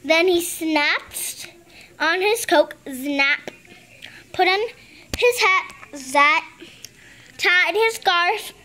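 Woman reading a picture book, very high voice, slow, halting, restarts words. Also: sharp tone. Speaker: reader.

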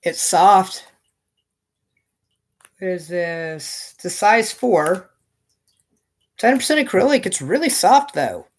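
A man's voice: high voice, expressive, slow, pauses often, breathy edge. A man chatting casually as he opens fan mail on his knitting vlog, gushing and thinking aloud. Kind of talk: casual unboxing chat.

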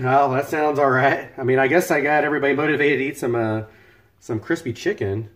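A man's voice: medium pitch, fairly quick, a bit bright. A man talking loosely and cheerfully while he cooks on a livestream. He jokes around and thanks viewers by name, with an ordinary mid-range voice. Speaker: cooking livestreamer. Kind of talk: casual live-stream chat while cooking. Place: home kitchen.

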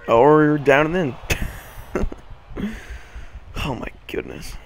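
A young man with a hoarse morning voice, hosting casual video game commentary, rambling with lots of fillers and the odd swear. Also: fairly high pitch, slow, a little hiss or hum. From Boston area. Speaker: gaming channel host.

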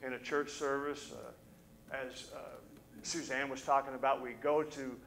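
A male pastor preaching a sermon, telling a story in an animated way and briefly acting out the voices of the people in it. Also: medium pitch, unhurried, rough recording. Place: church service.

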